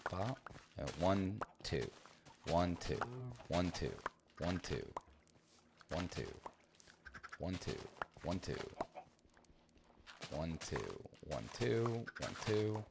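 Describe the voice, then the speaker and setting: Playful male streamer, very low voice, loose rambling gameplay commentary. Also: vocal fry, a little mellow, a little hiss or hum. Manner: playful, rambling, talks to himself and the game.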